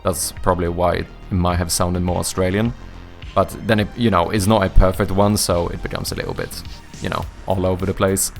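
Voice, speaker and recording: Swedish guy streaming, lowish gravelly voice, rambly and jokey, faint music behind. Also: flat delivery, a little fast. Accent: Swedish with British-leaning English. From Sweden. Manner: rambling, self-correcting, jokey. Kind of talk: casual live-stream chat reading chat aloud.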